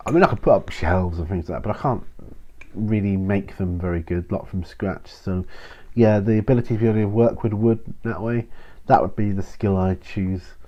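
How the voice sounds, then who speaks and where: A man's voice: fairly low pitch, steady tone, moderate pace, muffled recording. A tired man hosting a casual question-and-answer video, rambling with many ums and restarts. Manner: rambling, self-interrupting, frequent ums and sighs. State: tired, prone to yawning. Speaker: channel host answering viewer questions.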